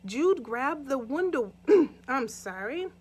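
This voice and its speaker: A woman's voice: high-pitched, sing-song, takes it slowly, darkish tone. A woman casually retelling a true crime story for her viewers in a chatty way, often asking them "right?" and "okay?" and acting out scenes from it.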